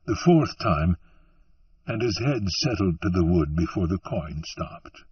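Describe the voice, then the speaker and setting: Measured male audiobook narrator, slow and dramatic; dry sound, dull and recorded from afar. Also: low voice, expressive, husky, dry recording, distant mic.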